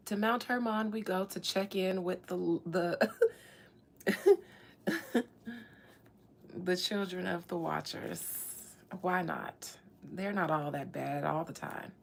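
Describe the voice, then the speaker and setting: A woman's voice: fairly low pitch, slow pace, vocal fry, long pauses, slight background noise. A woman doing a spiritual reading, chatting casually with viewers, playful and slangy with laughing asides. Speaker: spiritual reader talking to viewers. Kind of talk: casual livestream chat.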